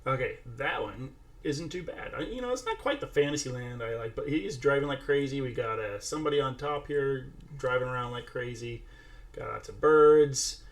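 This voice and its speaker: A man hosting an AI art tutorial chats casually through each step of a screen-share while talking to a toddler beside him. His voice is medium-pitched and moderately paced.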